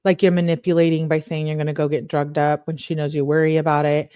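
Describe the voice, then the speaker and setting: A woman's voice: low voice, little pitch movement, quick pace, warm tone, clear, resonant tone, no echo. Dry-voiced woman reading texts aloud. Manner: chatty, laughs often, talks to chat. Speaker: true crime commentator reading texts. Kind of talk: casual commentary reading messages aloud.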